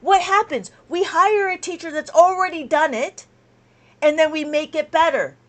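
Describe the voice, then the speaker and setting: High-voiced woman ranting on a live stream. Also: moderate pace. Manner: rambling, exasperated ranting with many restarts. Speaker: abacus teacher.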